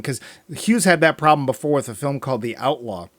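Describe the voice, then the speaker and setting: On a movie podcast, a male co-host chats casually about films in a sarcastic, joking way, laughing often. His medium-pitched voice is animated and brisk, with no room sound.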